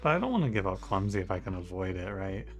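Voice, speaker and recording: This video game streamer talks fast in a low-pitched, sing-song voice, with music playing behind him. Commenting on his run in a relaxed way, he speaks to the characters and breaks into exasperated outbursts when things go wrong.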